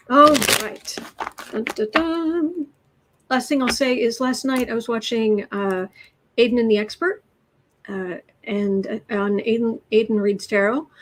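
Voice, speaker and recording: A woman's voice: medium pitch, rough recording. A woman hosting a tarot livestream in a casual, rambling way, greeting viewers from the chat and chatting as she goes. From United States.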